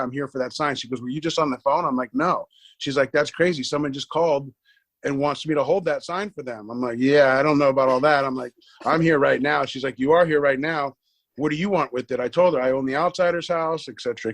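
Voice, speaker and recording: A middle-aged man with a slightly high voice, recorded close and dry with no room sound. He tells his story with animation, acts out the other people's lines and stumbles over repeated words when he gets excited. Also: dry recording. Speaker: podcast guest. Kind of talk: casual storytelling interview.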